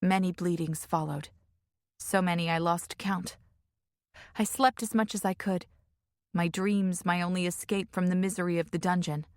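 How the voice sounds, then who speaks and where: A woman reading a first-person fantasy audiobook in a measured, emotive way on a close studio mic. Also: lowish voice, steady tone, no room sound. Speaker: audiobook narrator.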